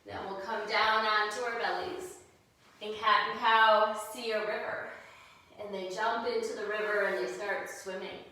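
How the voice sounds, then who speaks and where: A woman leading a kids' yoga class as a gentle story, mixing pose cues with storytelling. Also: mid-range voice, fairly even intonation, unhurried. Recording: very echoey room, voice far from mic.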